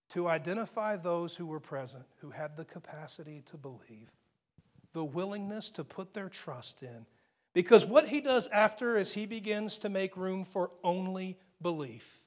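A man preaching a sermon, retelling a scripture story with emphatic repetition and dropping to a hushed near-whisper for quoted lines. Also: high-pitched, expressive, moderate pace.

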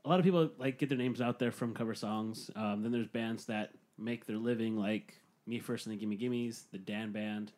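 A man's voice: on the low side, steady tone, normal speed, darkish tone. A man co-hosting a casual podcast, joking around, laughing often and swearing now and then. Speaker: podcast host. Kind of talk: casual chat.

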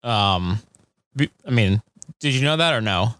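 A man co-hosting a podcast in relaxed, rambling casual chat. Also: lowish voice, a little slow, no echo, clean studio sound. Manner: laid-back, rambling, lots of fillers. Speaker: podcast co-host.

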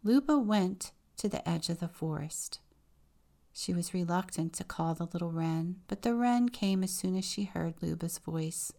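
A woman deacon reading a children's picture book aloud in a measured, expressive way. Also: on the low side, creaky.

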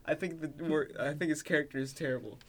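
A man co-hosting a podcast with a deadpan, mock-serious way of talking. He stalls on fillers and restarts his sentences. His voice sits a little higher than most men's. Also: fast talker. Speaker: podcast co-host. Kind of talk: casual comedic chat.

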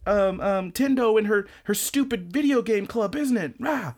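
A fed-up high school boy from an anime recap, jabbing at his friend with raised, strained accusations, as a man acts him out. The voice sits well above the performer's own, sharp and reproachful. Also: moderate pace. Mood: angry. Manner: yelling, accusing.

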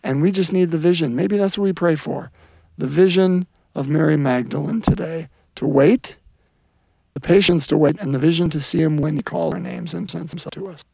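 Gravelly-voiced man hosting a prayer podcast. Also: on the high side, normal speed, a little mellow. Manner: earnest, rambling, with restarts. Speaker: podcast host leading prayer. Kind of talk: reflective religious chat and rosary prayer.

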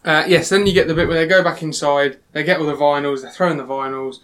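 A man's voice: on the high side, fairly even intonation, quick pace, fairly bright tone. A man hosting a casual podcast chat, recapping a film scene by scene with filler ums. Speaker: podcast host.

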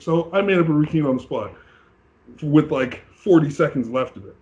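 A bodybuilding competitor from Canada in a casual interview, telling his story with animated acted-out quotes. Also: on the high side, brisk, highs cut off.

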